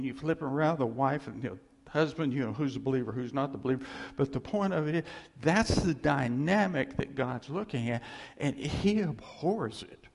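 Male preacher, raspy-edged and a touch high, animated, reverberant hall. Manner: animated, acts out God's voice, rhetorical questions. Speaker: pastor. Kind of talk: sermon.

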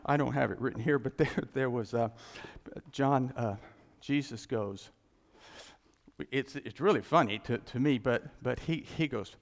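A man preaching a sermon, folksy and animated, acting out scripture scenes. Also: fairly high pitch, gravelly, in a large hall.

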